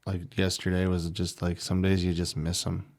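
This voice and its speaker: A man's voice: low-pitched, monotone, moderate pace, darkish tone. A married man co-hosting a podcast, talking in a loose, rambling way full of "like" and "you know". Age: adult, married. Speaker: podcast co-host. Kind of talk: casual chat.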